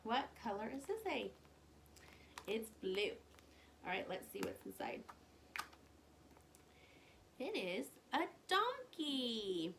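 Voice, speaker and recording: Woman, higher voice, sing-song children's storyteller, faint hiss behind. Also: slow pace, pauses often. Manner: animated, sing-song, asks the listener questions.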